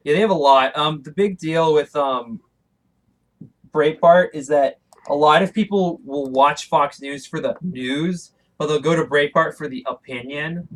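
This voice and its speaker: A young man co-hosting a casual political chat show, talking quickly with lots of fillers and restarts. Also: fairly high pitch, low-quality recording. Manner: talks fast with many fillers and restarts. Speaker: podcast co-host.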